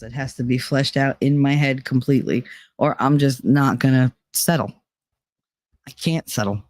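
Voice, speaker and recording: Studio-quality audio, free of room sound, captures a New Jersey woman with a low voice and local accent. Chatting casually on stream, she reads her chat and replies bluntly and animatedly, swearing often.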